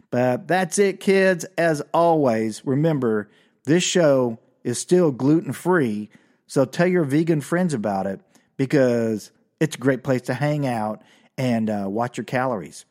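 A man hosting a comedy podcast, telling a story in an animated, excitable way. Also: mid-range voice, takes it slowly. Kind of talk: storytelling monologue.

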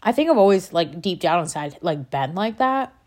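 Woman talking about god on her channel, kinda low voice, fired up and rambly, cuts herself off a lot. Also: very animated, moderate pace, darkish tone. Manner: impassioned, rambling, self-interrupting. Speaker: faith vlogger. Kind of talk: casual spiritual monologue.

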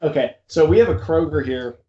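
A chatty, laid-back American man hosts a podcast interview, regularly calling his guest "man" and "dude." He's expressive and brisk, with a warm, somewhat high voice, recorded in roomy, dull lo-fi quality.

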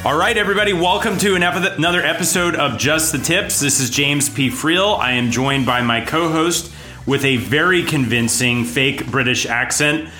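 A man hosting a business podcast with an energetic, chatty delivery and frequent laughs. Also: on the high side, moderate pace, soft background music. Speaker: podcast host.

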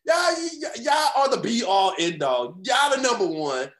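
A man co-hosting a casual wrestling podcast from home, talking in an animated, profane way with many repeats and restarts. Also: high-pitched, normal speed, reverberant. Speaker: podcast co-host. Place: home room.

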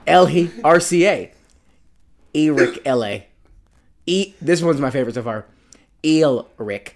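Laid-back man chatting, animated pitch. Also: measured pace. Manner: laid-back, laughs easily, drops to mumbles. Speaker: podcast co-host. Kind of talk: casual chat.

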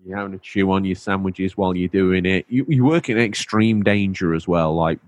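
Low-ish guy rambling playfully on a podcast, dry sound. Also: a little fast, dry recording. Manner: playful rambling storyteller who slips into silly voices. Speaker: podcast co-host. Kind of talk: casual chat.

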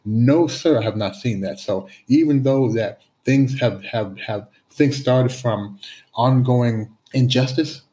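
A man of medium pitch talks earnestly in a relaxed discussion. He often stumbles and repeats words as he works toward his point. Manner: earnest, halting with repeated restarts. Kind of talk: conversational discussion.

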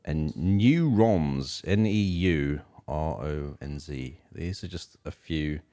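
A man with a very low voice co-hosts a casual music podcast. He wanders through his thoughts with fillers and restarts, chatting easily with his co-host. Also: animated, slow pace, warm tone. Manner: rambling, many fillers and restarts.

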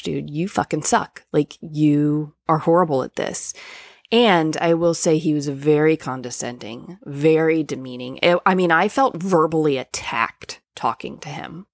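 A woman's voice: deep voice, gravelly, no room sound, clean studio sound. A woman who works as a coach, frankly and conversationally telling a personal story, with plenty of fillers and casual swearing. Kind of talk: candid personal storytelling monologue.

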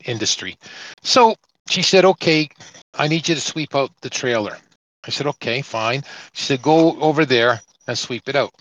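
A man's voice: medium pitch, dry recording, low-quality recording. A man who drives trucks and co-hosts a podcast, telling a long road story in casual chat and acting out both sides of the exchanges. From Canada. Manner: animated anecdotal storytelling, acting out quoted exchanges.

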